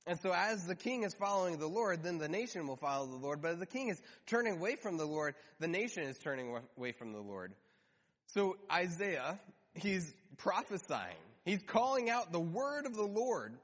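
A man preaching a sermon in an animated, conversational way, slowing down to stress key words. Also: high-pitched. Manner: animated, conversational, slows for emphasis. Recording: hall reverb.

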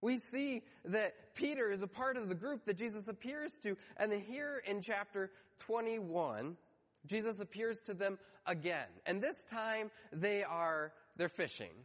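Male pastor, high-pitched, storytelling sermon with a long reverb tail. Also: measured pace, fairly bright tone. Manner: storytelling, acts out quoted voices briefly.

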